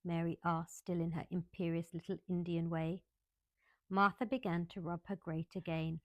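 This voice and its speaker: A woman reads a classic novel aloud as a bedtime story, calm and measured. Her voice sits a little low. The recording is close and dry. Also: dry recording, dull audio.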